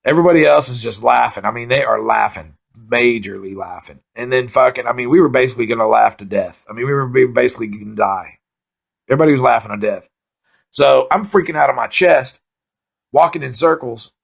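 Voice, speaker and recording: A man doing profane, rambling comic storytelling, excitably acting out his own panic. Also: medium pitch, brisk, vocal fry, husky. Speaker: stand-up comedian.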